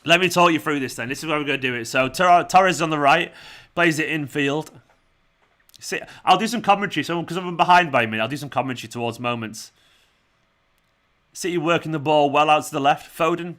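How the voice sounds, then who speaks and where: A man's voice: a little high, fast talker, sharp tone. A young man hosting a football watchalong stream, chatting casually, laughing and reading out viewer comments. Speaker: fan channel host. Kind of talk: live watchalong chat.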